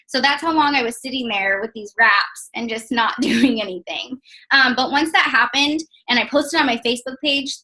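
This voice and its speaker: Bright high-voiced chatty young woman. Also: poor audio. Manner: chatty, many fillers like "like" and "um". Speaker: network marketing distributor. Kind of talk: casual personal testimonial.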